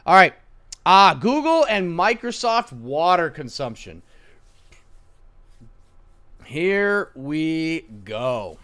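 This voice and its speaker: A man's voice: a little high, big pitch swings, drawn-out words, long pauses, a bit bright, clear, resonant tone. Brash male stock streamer talking to chat. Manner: brash, mocking, talks to chat; muttering to himself while writing.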